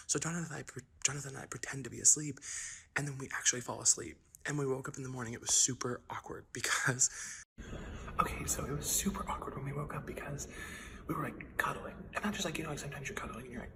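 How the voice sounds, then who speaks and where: A man in his twenties telling a long comic story about his life in a fast, chatty, self-deprecating way, often dropping to a whisper for asides. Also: mid-range voice, steady tone, gravelly, sharp tone, husky. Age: 20s. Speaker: comedian. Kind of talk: rambling comic storytelling monologue.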